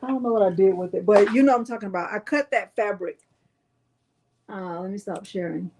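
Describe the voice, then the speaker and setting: A woman's voice: mid-range voice, fairly quick, slight background noise. A middle-aged woman, hosting a live crafting tutorial in a chatty way and addressing viewers as y'all. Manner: chatty, warm toward viewers, says "y'all".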